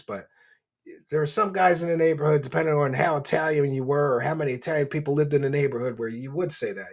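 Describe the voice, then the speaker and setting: A man's voice: a little high, quick pace, breathy edge. A man hosting a livestream, chatting casually and reading donations in a brash, mocking, foul-mouthed way. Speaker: livestream show host.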